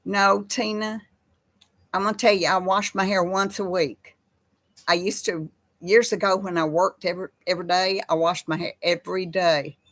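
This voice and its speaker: An older woman chatting casually with live viewers in a slow, folksy way. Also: on the low side, steady tone, a bit bright. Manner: slow folksy talk, baby voice to her pets. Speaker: host of a live chat with viewers. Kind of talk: casual live-stream chat reading viewer comments.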